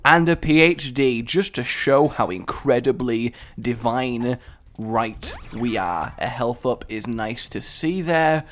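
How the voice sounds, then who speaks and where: A young British man giving jokey, excitable commentary over a video game from a home setup, with sudden loud outbursts. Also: medium pitch, takes it slowly. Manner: excitable, jokey, sings and puts on voices. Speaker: gaming commentator. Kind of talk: let's play commentary.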